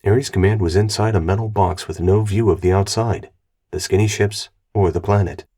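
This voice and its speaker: Deep, husky man narrating. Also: steady tone, moderate pace, mellow. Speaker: audiobook narrator. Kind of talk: scripted narration.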